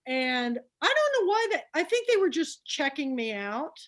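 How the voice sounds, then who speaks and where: A middle-aged woman telling stories to a group, chatty and animated, acting out what people said. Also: high-pitched, normal speed. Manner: chatty, animated storyteller who acts out dialogue. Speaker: book club founder speaking to a group. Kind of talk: storytelling talk.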